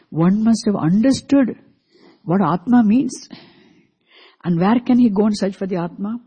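A teacher giving a scripture class, deliberately repeating and explaining Sanskrit terms and asking the students questions. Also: medium pitch, warm tone, breathy edge. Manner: asks the class rhetorical questions. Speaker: Vedanta teacher.

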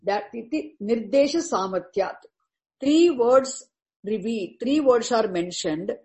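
A woman's voice: fairly high pitch, animated, mellow, low-quality recording. A woman teaching a scripture commentary, explaining each term carefully and repeating words for emphasis. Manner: deliberate, repeats terms and explains each word.

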